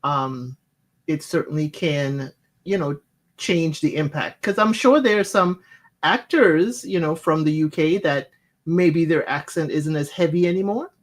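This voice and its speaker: Measured, explanatory American co-host. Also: mid-range voice. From American with West Indian roots. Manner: measured, explanatory, with many fillers. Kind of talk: casual chat.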